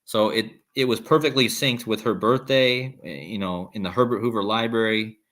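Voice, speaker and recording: Male livestream host, low-pitched, loose and rambling, reads chat. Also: steady tone, moderate pace, fairly bright tone. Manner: rambling, restarts, reads viewer comments aloud. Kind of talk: casual live-stream talk reading chat.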